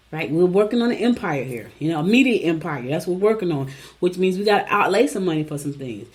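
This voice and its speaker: Woman host, middle-aged, lowish voice, casual chatty delivery, folksy asides. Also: a little mellow. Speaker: show host reading horoscopes. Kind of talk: casual chat, reading and riffing.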